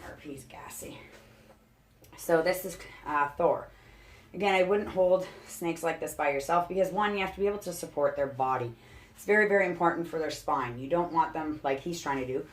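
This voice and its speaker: Low-voiced woman showing off her snakes. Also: a little hiss or hum. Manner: chatty, laughs often, frequent fillers. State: out of breath. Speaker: reptile keeper vlogger. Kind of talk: casual show-and-tell vlog. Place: indoors at home. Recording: echoey home room.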